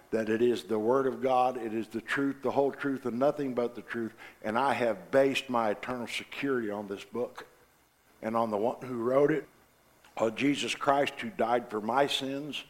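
A man preaching a sermon, passionate and forceful, dropping to quiet asides between loud declarations. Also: medium pitch, fairly even intonation, moderate pace. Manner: impassioned, swings from loud to quiet.

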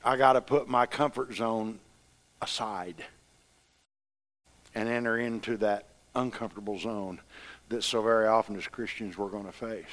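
A man's voice: fairly low pitch, steady tone, normal speed, pauses often, fairly bright tone. A middle-aged man preaching a sermon, telling homespun stories with rising fervor. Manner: folksy, impassioned storytelling preacher.

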